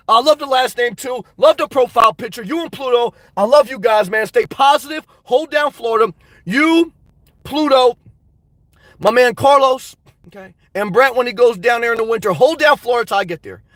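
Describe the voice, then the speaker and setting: A very high-pitched man talks loosely and crudely to his live-stream viewers, reading their comments aloud and laughing often. The sound is close and dry, with no room around it. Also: fairly bright tone, no echo. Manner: rambling, joking, reads out chat comments. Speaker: livestream host.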